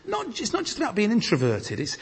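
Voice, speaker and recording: Man, preacher, from northern England, husky, lively pitch, church hall with long reverb. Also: brisk. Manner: animated, reads scripture with rising emphasis. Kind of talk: teaching sermon with group discussion.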